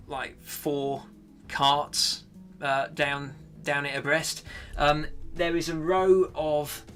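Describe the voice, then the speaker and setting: A man narrating a tabletop game as game master, halting with many fillers. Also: on the high side, fairly bright tone.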